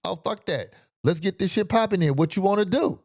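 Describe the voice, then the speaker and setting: Man doing a tall, erratic street stranger, high and shrill, spoiling for a fight, says the same thing over and over. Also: expressive, fairly quick, a little mellow, no echo, studio quality. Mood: belligerent. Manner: shrill, confrontational, repeats himself.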